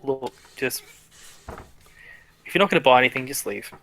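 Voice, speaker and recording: A man voicing a shifty male market swindler with eager pitchman patter in a tabletop game. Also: lively intonation, normal speed, fairly bright tone, poor audio. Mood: curt.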